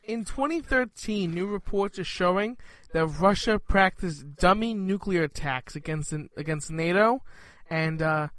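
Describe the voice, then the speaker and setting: A man's voice: high voice, a little slow, hardly any pauses, fairly bright tone, no room sound. A man with a Brooklyn accent co-hosting a comedy talk show, reading news items in a laid-back way and adding dry quips.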